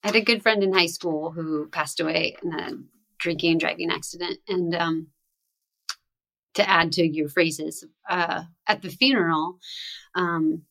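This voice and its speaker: A woman with a fairly low voice speaks earnestly on a podcast. She often pauses on "um" as she shares a personal memory. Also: steady tone, creaky, fairly bright tone. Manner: earnest, personal, hesitant with ums. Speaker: ministry staffer on a podcast. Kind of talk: casual conversation.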